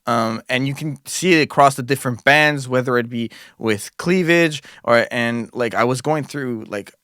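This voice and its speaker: A man hosting a music podcast, asking a guest earnest, slightly halting questions. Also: mid-range voice, fairly bright tone, clear, resonant tone, no room sound, studio quality. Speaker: podcast host. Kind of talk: interview questions.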